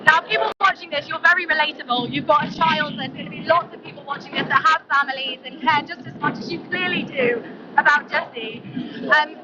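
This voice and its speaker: Woman interviewer, high voice, gentle and probing, lo-fi street recording with heavy noise. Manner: gentle, probing, long winding questions. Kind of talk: street interview at a protest march. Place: outdoors at a street march. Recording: dull lo-fi sound, loud street noise.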